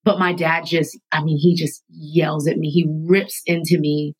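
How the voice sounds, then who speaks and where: A woman's voice: deep voice, unhurried, husky, poor audio. Emphatic woman telling a personal story. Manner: emphatic, animated, sometimes laughing through words. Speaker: podcast guest. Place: studio.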